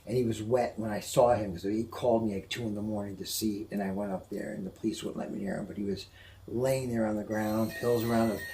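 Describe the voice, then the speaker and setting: A man, a guest on the show, telling an emotional personal story indoors, halting and repeating himself when upset. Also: fairly low pitch, fairly even intonation, mellow, a little hiss or hum, rough recording. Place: indoors at a house museum.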